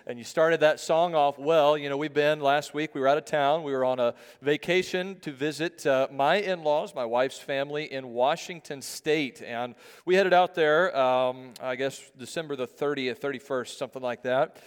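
A man's voice: on the high side, moderate pace, few pauses, smooth. A man in his thirties preaching a sermon, telling a family story and reading scripture aloud. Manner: storytelling, animated, acts out a child's shouts. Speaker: pastor. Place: church sanctuary. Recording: reverberant hall.

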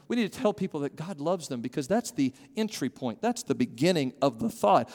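Pastor, male, earnest conversational sermon delivery, slightly high voice, long church-hall reverb. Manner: earnest, conversational preaching with wide swings in loudness. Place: church sanctuary.

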